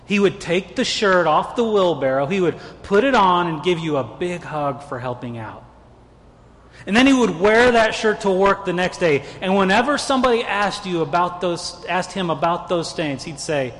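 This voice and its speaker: A male pastor delivers an earnest sermon, his voice pitched high. He often stammers and repeats words as he presses each point. The sound carries a long reverb from a large church sanctuary. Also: expressive, moderate pace, fairly bright tone.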